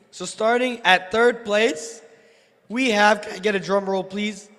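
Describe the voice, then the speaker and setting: Hoarse man, very high voice, bright tone, slow delivery, joking banquet presenter, long hall echo. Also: steady tone. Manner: joking, playful, hypes the crowd. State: hoarse from losing his voice. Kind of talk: live banquet announcing.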